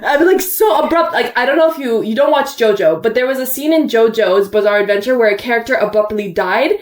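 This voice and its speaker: A woman's voice: a little high, brisk, echoey room. A woman chatting casually and animatedly, retelling what happened with bursts of laughter. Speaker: co-host reacting to a show finale. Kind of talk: casual chat.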